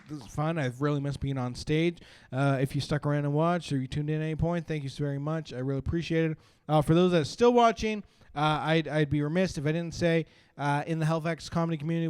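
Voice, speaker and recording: A man, doing an animated stand-up set and laughing through his stories at a brewery. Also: fairly high pitch. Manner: animated storytelling with bursts of laughter. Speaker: stand-up comedian. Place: brewery stage.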